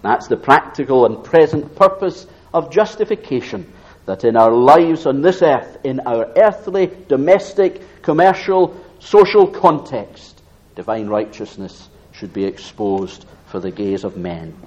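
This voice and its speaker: A man preaching an expository sermon, reading scripture aloud and slowing down to stress key phrases. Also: mid-range voice, expressive, darkish tone, muffled recording. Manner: reads scripture aloud in raised tone.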